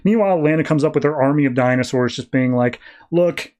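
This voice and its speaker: A young man on a podcast casually recapping a comic, acting out the characters' lines in quick put-on voices. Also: medium pitch, a little mellow. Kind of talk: casual chat.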